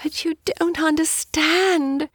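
Lady narrator doing a sick young woman, hoarse and whispery, pitched up and desperate, no room sound. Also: fairly even intonation, slow, a bit bright, no echo, clean studio sound, full character voice. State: ill and distressed.

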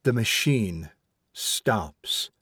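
Male reader doing a grave young man, slow and solemn, dry close sound. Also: medium pitch, big pitch swings, dry recording. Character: grim young man, her estranged son.

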